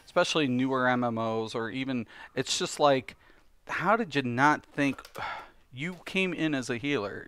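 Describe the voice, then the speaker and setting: A man's voice: medium pitch, fairly bright tone, slight background noise. A man hosting his own gaming channel, a little tired, ranting casually and with exasperation, swearing as he rambles.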